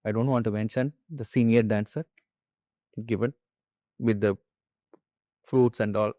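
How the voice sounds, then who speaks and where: A man's voice: on the low side, steady tone, unhurried, pauses often, dark tone, no room sound. A middle-aged Indian man, a dance composer and guru, speaking earnestly in Indian English and telling his stories with frequent restarts. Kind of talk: conversational interview.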